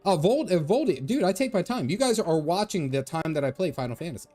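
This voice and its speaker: A man's voice: sits high, very animated, fast talker, dark tone. Chatty male game streamer over faint music. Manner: chatty, rambling, answers chat as he goes. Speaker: gaming streamer. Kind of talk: casual live-stream chat while gaming.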